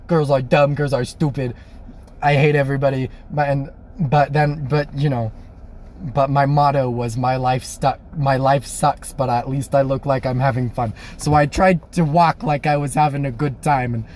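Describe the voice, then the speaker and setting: A young man casually telling a personal story, animated and laughing, acting out the voices of people he quotes. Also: on the high side, a little hiss or hum. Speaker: storyteller vlogger.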